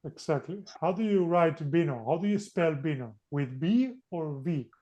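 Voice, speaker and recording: A man's voice: fairly high pitch, lively intonation, normal speed, dark tone, dull audio. A man teaching a beginner language class over a video call, patient and coaxing, switching between two languages. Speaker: Spanish teacher. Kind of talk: teaching an online group class.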